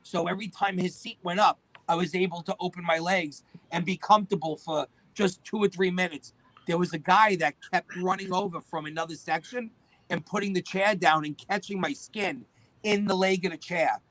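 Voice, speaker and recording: A middle-aged man, a guest telling lively stories and acting out the dialogue. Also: high-pitched, moderate pace, low-quality recording. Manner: animated storyteller acting out quoted dialogue. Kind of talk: storytelling interview.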